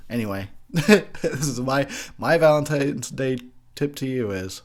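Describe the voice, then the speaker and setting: Tipsy, ranting man with a lively pitch. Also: a little slow. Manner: profane, ranting, laughs a lot. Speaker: host. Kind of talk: drunk movie commentary.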